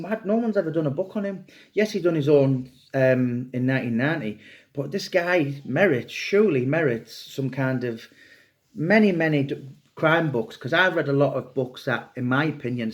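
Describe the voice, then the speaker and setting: Middle-aged male author, casual interview, rambling, mid pitch. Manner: rambling, many restarts and fillers. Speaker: author discussing a book subject.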